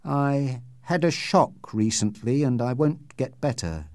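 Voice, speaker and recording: A man voicing a frightened, dying old doctor who speaks slowly with a trembling voice, in a storybook reading. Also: mid-range voice, expressive, a little mellow, dry recording, studio quality. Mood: fearful, grim. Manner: slow and trembling.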